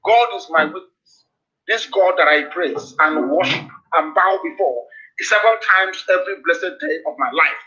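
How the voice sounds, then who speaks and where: A man's voice: on the high side, expressive, moderate pace, sharp tone. A middle-aged man from Nigeria with a Nigerian accent, giving a fiery political address full of impassioned denunciations and repeated warnings. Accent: Nigerian English. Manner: impassioned, denouncing, repetitive warnings. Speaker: activist broadcaster. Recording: dull lo-fi broadcast replay.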